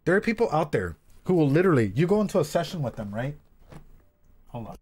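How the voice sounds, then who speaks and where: A young man who works as a therapist, chatting casually to his stream viewers while reacting to anime, animated and swearing freely. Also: on the high side, quick pace, husky.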